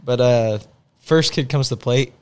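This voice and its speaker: A man's voice: medium pitch, moderate pace, darkish tone, a little hiss or hum. Young man, podcast co-host, casual storytelling, laughs often, swears casually.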